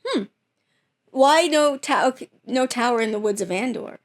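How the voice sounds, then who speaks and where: A woman's voice: on the high side, unhurried. A woman hosting her channel, chatting casually at home about viewer theories, rambling with many fillers and restarts. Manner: rambling, lots of fillers and self-corrections. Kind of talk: casual reaction chat.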